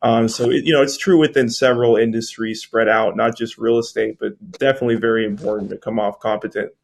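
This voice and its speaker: A man's voice: lowish voice, fast, creaky. A man who works as an apartment locator, explaining things steadily in a casual group audio chat. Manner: steady, explanatory sales talk.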